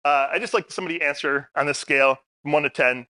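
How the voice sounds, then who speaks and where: A man's voice: on the high side, fast, bright, forceful tone, no echo, studio quality. A middle-aged man speaking at a community forum, telling stories in a casual way and asking the audience questions. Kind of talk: public talk. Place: meeting room.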